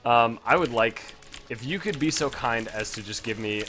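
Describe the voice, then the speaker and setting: A man's voice: mid-range voice, normal speed, bright, forceful tone, faint music behind. A man casually rambling and swearing as he talks over his gameplay footage, poking fun at himself along the way. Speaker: gaming video host.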